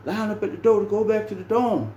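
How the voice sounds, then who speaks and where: A man's voice: high-pitched, fast talker, warm tone, roomy sound, dull audio, a little hiss or hum, pitched above the performer's own voice, natural voice. A man putting on a bossy male prison officer giving repeated commands. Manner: commanding, repetitive orders.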